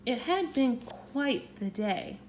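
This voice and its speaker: A woman reading a children's storybook aloud in an expressive, animated way. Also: high-pitched, slow, a little hiss or hum.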